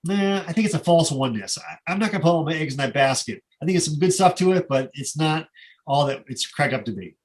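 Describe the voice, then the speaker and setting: A man's voice: fairly high pitch, expressive, fast talker. A middle-aged man giving a casual slide presentation, conversational and rambling, with many fillers and asides.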